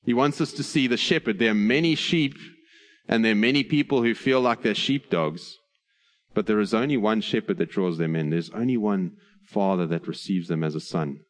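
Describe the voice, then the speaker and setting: A man preaching an earnest sermon, slowing on key phrases and adding light humor. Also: fairly low pitch. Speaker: pastor.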